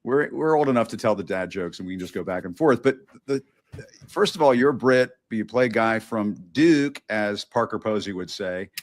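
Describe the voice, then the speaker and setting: A man's voice: on the low side, expressive, normal speed. A man hosting a talk show, interviewing a guest in a casual, joking way.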